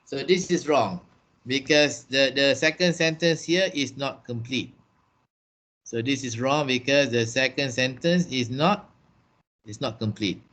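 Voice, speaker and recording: Over a video call, a man with a Malaysian English accent runs a business writing class in a mid-range, fairly bright voice. He goes slowly, says things more than once, and checks students follow with "okay" and "eh."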